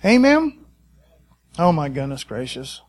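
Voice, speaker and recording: Preaching at a measured pace, this man has a voice on the high side. His sermon is excited and conversational, and he often prompts the congregation to answer back.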